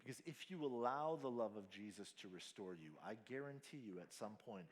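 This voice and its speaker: A man preaching a sermon at a family camp, slow and emphatic, mixing scripture with casual slang. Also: on the low side, lively intonation. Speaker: pastor. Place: large hall at a family camp. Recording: hall reverb.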